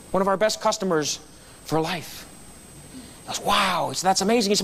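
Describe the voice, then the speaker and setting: A man's voice: high-pitched, moderate pace, pauses often, slight background noise. A man giving a storytelling speech at a club meeting, acting out the voices of people in his anecdotes. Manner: animated storyteller acting out quotes. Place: meeting room.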